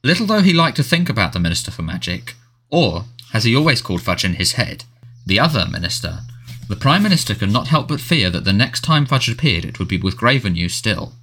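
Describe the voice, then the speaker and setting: Bright, expressive male storyteller. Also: fairly low pitch, a little fast. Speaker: audiobook narrator. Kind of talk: scripted narration.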